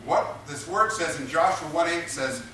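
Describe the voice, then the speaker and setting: A man's voice: fairly high pitch, expressive, normal speed, bright, forceful tone, a little hiss or hum. A man preaching a sermon, emphatic and repetitive, drawing responses from his congregation. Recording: echoey room picked up from a distance.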